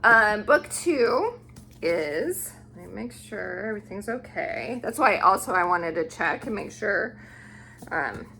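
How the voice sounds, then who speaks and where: A woman vlogger showing off a book haul, gushing and unhurried as she admires each book aloud. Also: medium pitch, sing-song, creaky, pushed and bright, a little hiss or hum. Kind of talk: casual book haul show-and-tell.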